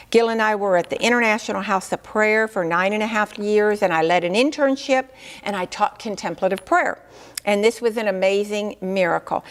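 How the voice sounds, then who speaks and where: A woman teaching on prayer in a church, telling a story in a lively way and acting out the voices of the people in it. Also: mid-range voice, long reverb tail. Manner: lively, acts out quoted voices. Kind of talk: sermon storytelling.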